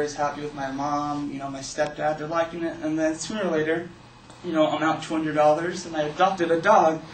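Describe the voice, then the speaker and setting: A young man telling a personal story as a speech to an audience, in a loose, casual way full of "like" and "you know". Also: a little high. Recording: echoey room, distant mic, faint hiss.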